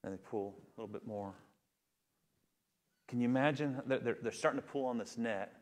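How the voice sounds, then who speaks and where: A male pastor delivering a sermon, telling a story with animated delivery and building to fervent emphasis. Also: mid-range voice, brisk.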